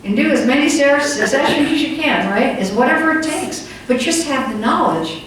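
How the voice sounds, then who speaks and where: A woman's voice: sits high, lively intonation, normal speed. An older woman giving a conference talk, telling stories in a loose, conversational way with many fillers. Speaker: conference speaker. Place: conference hall. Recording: echoey hall from far off with faint room noise.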